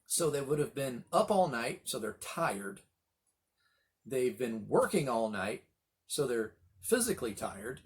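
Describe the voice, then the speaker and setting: A middle-aged man leading a Bible study, telling the story with animated voices for the quoted lines. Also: mid-range voice, unhurried. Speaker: pastor.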